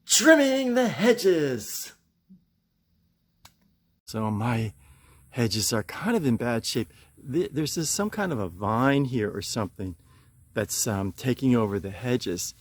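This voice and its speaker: A middle-aged man talks slowly and unhurriedly to camera outdoors in a casual vlog, his pitch sitting in an ordinary middle range. He rambles, vents his frustration, then apologizes for it. The sound is plain and direct, recorded outside in his garden. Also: expressive, no echo. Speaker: channel host.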